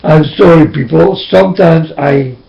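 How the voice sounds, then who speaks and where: A man's voice: on the high side, normal speed, vocal fry. A man giving an emotional religious monologue from his room, pleading and preaching as his voice keeps breaking into tears. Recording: dull lo-fi recording.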